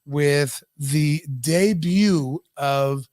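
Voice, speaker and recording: A man's voice: on the high side, drawn-out words, darkish tone, no echo, clean studio sound. A man co-hosting a live podcast, talking in an emotional, profane rant. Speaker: podcast co-host. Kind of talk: casual live podcast chat.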